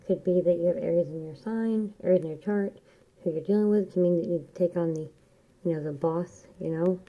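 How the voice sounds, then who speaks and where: A woman giving a casual, rambling tarot reading, chatty and quick to laugh. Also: lowish voice, narrow, tinny audio. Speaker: tarot reader.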